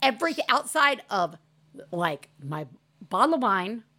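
A woman's voice: medium pitch, very animated, measured pace, pushed and bright. A woman hosting a podcast in casual chat, talking candidly and animatedly and swearing freely. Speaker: podcast host.

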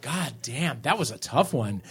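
A man hosting a live comedy game show on a theater stage, announcing with animated energy. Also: mid-range voice, a little slow, heavy background noise. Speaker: host.

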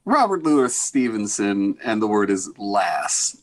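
A man playing as a contestant on a trivia podcast, talking in a relaxed, joking way. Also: fairly low pitch, slow. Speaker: quiz contestant. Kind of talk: casual chat.

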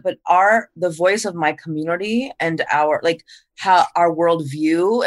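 A woman's voice: medium pitch, dry recording. A woman author as an interview guest, earnest and explaining at length. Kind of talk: casual interview conversation.

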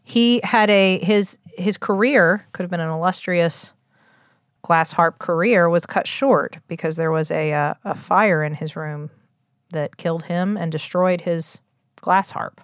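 A woman with a West Virginia accent, in a slightly low voice, talks casually as a podcast co-host. She rambles, restarts her sentences and fills the gaps with "like" and "um." The sound is dry and close. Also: measured pace, smooth, no echo. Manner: chatty, rambling, full of fillers and restarts. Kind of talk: casual chat.

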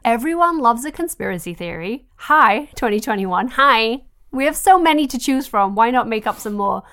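A woman's voice: fairly high pitch, expressive, normal speed, fairly bright tone. A woman co-hosting a wrestling chat podcast, talking in an emphatic, incredulous way. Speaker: podcast co-host. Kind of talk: casual chat.

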